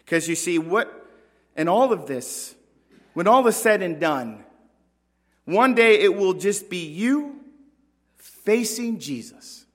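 A man preaching a sermon as pastor, earnest, with dramatic pauses and rising emphasis. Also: high voice, very animated. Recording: long reverb of a large hall.

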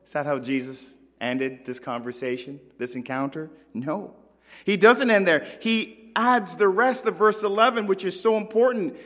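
A man preaching a sermon as pastor, earnest, with dramatic pauses and rising emphasis. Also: sits high, very animated, fairly bright tone. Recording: long reverb of a large hall.

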